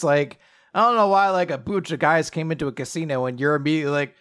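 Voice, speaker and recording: A young man co-hosting a podcast, casually recapping an anime, animated, swearing and acting out quotes. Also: fairly high pitch, fast, clear, resonant tone. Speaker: podcast co-host.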